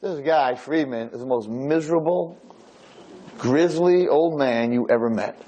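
A man's voice: mid-range voice, a little slow, warm tone, rough recording. A man lecturing, telling a story in a casual, conversational way.

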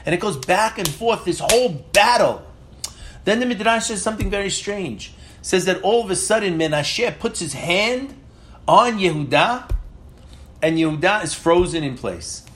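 A man with a high voice leads a Torah class lecture. He reads Hebrew verses aloud and then explains them in English. He retells the commentary dramatically, pressing questions as he goes. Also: animated, moderate pace, a bit bright, slight background noise. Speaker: Torah teacher.

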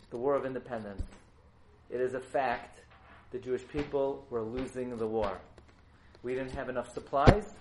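Animated man preaching to a live crowd. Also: mid-range voice, a little hiss or hum, rough recording. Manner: animated, jokey, questions the audience. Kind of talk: storytelling sermon to a live audience.

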